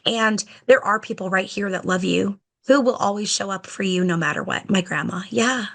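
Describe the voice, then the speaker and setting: Animated woman telling stories. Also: mid-range voice, moderate pace. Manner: animated, acts out conversations with children; chatty, many fillers like "like" and "you know". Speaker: guest educator and author. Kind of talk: podcast interview storytelling.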